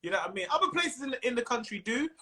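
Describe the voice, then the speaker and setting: A man's voice: very high-pitched, lively intonation, rapid-fire, sharp tone. A man with a London accent chatting casually and jokily as a comedian guest on a video call, full of slang. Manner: slangy, jokey, laughs often. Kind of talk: casual chat.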